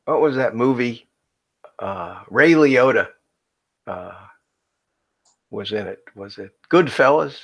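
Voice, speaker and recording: A man's voice: mid-range voice, animated, slow, pauses often. A man co-hosting a live drone chat stream, chatty and laughing often as he greets viewers by name.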